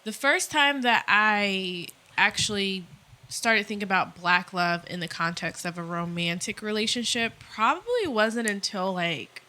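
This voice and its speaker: A woman's voice: mid-range voice, expressive, measured pace, pushed and bright. A woman co-hosting a podcast, talking candidly and loosely in casual chat, swearing freely. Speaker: podcast co-host.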